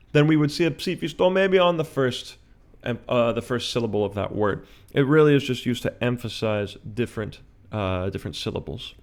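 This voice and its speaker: Male chant teacher, patient explainer, medium pitch, casual video-lesson delivery. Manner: explaining patiently, often checking with "all right?".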